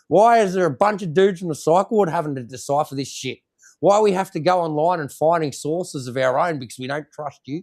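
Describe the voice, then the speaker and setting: A man with an Australian accent, a military veteran guest ranting angrily and swearing constantly. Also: fairly high pitch. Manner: heated, swears constantly, repeats himself. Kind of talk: angry profane rant.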